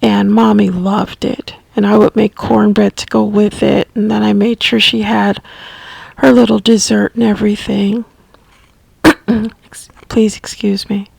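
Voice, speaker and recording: A woman telling a personal story as a caregiver, unscripted, halting and restarting often. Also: mid-range voice, flat delivery, vocal fry, husky, no room sound. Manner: halting, with frequent restarts and soft asides. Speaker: family caregiver sharing memories.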